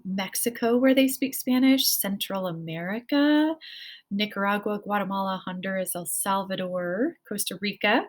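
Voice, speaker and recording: Woman teacher, kinda high voice, bouncy and upbeat, keeps asking kids to say it with her. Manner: encouraging, sing-song prompts to repeat. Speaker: Spanish teacher. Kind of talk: children's language lesson.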